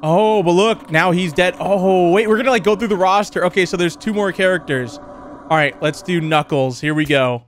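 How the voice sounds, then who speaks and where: A man's voice: sits high, normal speed, a little hiss or hum. A young man giving casual let's play commentary on a horror game, jumpy and laughing, yelping when startled. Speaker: gaming YouTuber.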